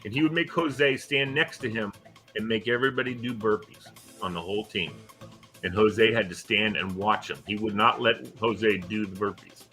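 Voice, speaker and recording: A man's voice: normal speed, soft background music. An older man, a podcast host and former school coach, telling stories in casual chat and acting out the kids he quotes. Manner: animated storyteller acting out quoted kids in a higher voice.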